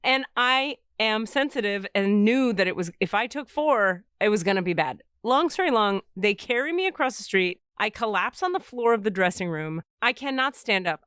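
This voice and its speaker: A woman's voice: medium pitch, moderate pace, few pauses, clean tone, dry recording, clean studio sound. A middle-aged woman hosting a podcast, telling a story in casual chat and acting out the voices of the people in it. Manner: animated storyteller, acts out quoted voices. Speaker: podcast host.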